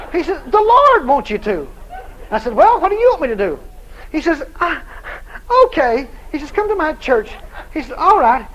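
Male preacher, very high and animated, storytelling sermon with acted-out dialogue, faint background noise. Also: fairly quick, highs cut off, some chatter behind.

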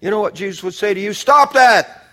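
A man preaching a sermon, building to shouted exhortations and stretching out repeated phrases. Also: high voice, steady tone, very fast.

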